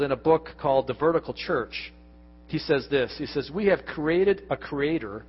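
Older male pastor, husky voice, earnest storyteller, muffled church recording with long echo. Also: on the high side. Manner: earnest storytelling with many restarts. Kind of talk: sermon. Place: church sanctuary.

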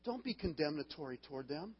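A man's voice: on the high side, very animated, fast, slightly rough. A man preaching a sermon as pastor, earnest and given to laughing at his own stories and restarting phrases. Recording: long hall reverb, dull lo-fi sound.

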